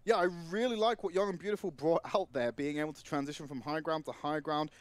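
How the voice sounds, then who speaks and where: A man giving live play-by-play commentary on a competitive video game match, excitable and breaking into shouts at the big plays. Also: a little high, fast. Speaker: esports commentator.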